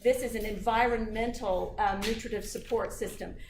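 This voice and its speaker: A woman giving a university lecture in a lively, chatty way, often putting questions to the class. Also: on the high side, moderate pace, a little hiss or hum. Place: lecture hall. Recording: echoey hall, from far off.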